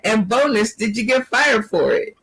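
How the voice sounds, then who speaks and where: A woman's voice: fairly high pitch, animated, moderate pace, a bit bright, breathy edge, low-quality recording. A woman hosting an online comedy panel, asking questions with laughing, exclaiming reactions. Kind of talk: quiz-style show hosting.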